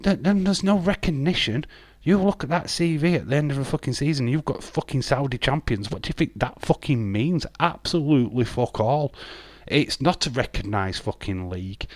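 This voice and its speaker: An English man hosting a casual live stream, swearing bluntly and ranting, his voice hoarse. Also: mid-range voice, lively intonation, normal speed, darkish tone, dry recording. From England.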